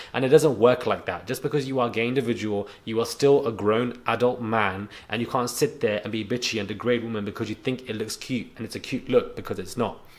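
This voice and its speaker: Indignant young man ranting to camera. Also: medium pitch. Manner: rambling, restarts, frank and indignant. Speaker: YouTube commentator. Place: home on a rainy day.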